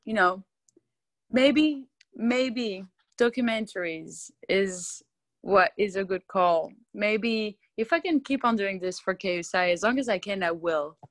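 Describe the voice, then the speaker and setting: A woman's voice: mid-range voice, measured pace, no room sound. A woman with a French accent, a TV videographer talking as a guest in an interview, earnest and heartfelt as she searches for her words. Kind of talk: casual interview talk.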